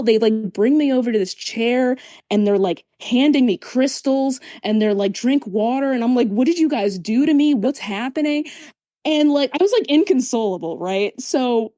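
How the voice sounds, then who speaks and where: A woman's voice: medium pitch, dark tone, no echo. A woman guest on a podcast, telling a personal story in casual chat, acting out the voices of others and swearing now and then.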